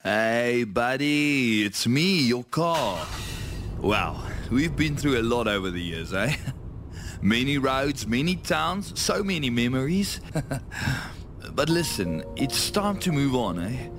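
Man doing a slow, folksy talking car in a radio ad, music bed behind. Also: medium pitch, very animated. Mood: fond. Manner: folksy, chummy and unhurried. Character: friendly talking car, male, nostalgic old companion. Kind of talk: radio advert.

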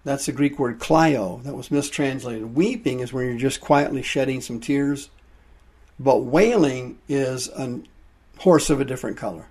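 Slow-preaching man with a husky voice. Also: medium pitch, darkish tone. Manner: explains Greek words, drawn-out emphatic delivery. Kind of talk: sermon, Bible teaching.

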